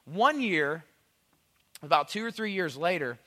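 A man in his thirties telling rambling, animated comic stories to an audience, full of "like" and "you know". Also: fairly high pitch, measured pace, in a large hall. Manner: rambling, animated, heavy on "like" and "you know", bursts of loud excitement. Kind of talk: conversational storytelling, comic monologue.

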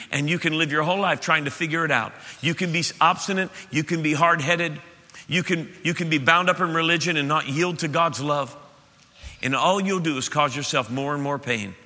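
A male pastor preaching an impassioned sermon to his church, swelling to loud peaks. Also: a little high. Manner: impassioned, rising to shouts at peaks. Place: church auditorium. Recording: reverberant church hall.

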